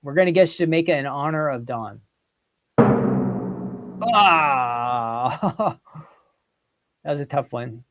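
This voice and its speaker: A man with a somewhat high-pitched voice hosts a relaxed quiz for his livestream viewers. He talks in an animated way, reads out their comments and guesses, and keeps the chat involved. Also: moderate pace, long pauses, faint music behind. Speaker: host. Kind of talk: casual quiz with live chat.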